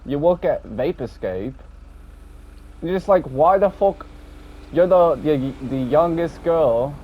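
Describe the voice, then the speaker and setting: A man rambling casually about an online game session, swearing often and tacking on a low, dropped "mate". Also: animated, slow. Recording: dull lo-fi audio with faint background noise.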